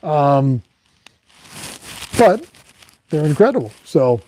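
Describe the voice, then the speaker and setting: Rambling male fishing guide, mellow tone. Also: on the high side, big pitch swings, slow, a little hiss or hum. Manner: rambling, with many "um"s and restarts. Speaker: fishing guide and live-stream host. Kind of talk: casual live chat reading viewer comments.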